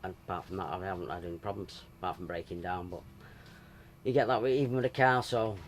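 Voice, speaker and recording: A man in his forties with a very low voice speaks in an easy, plain way. He pauses on small ums, and a faint outdoor hum sits behind him. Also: steady tone. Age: 40s. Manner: plain, unhurried talk with ums. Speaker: canal boat owner. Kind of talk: casual interview.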